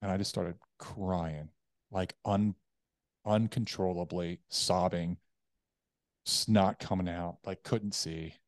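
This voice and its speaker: A man's voice: low-pitched, takes it slowly, no echo, studio quality. A man guest on a podcast, telling a personal story candidly and acting out the voices of others. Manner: candid, animated retelling with acted quotes.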